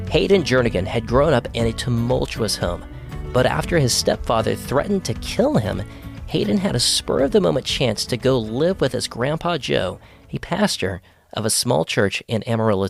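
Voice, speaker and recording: Gravelly guy doing podcast narration, soft music under it. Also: medium pitch, very animated, moderate pace. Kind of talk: scripted narration.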